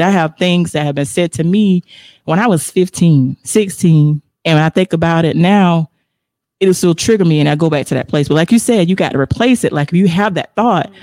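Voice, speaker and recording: A woman's voice: on the low side, warm tone, no echo, clean studio sound. A woman hosting a casual faith livestream, reflecting aloud and reading viewer comments, laughing often between remarks. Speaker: livestream host.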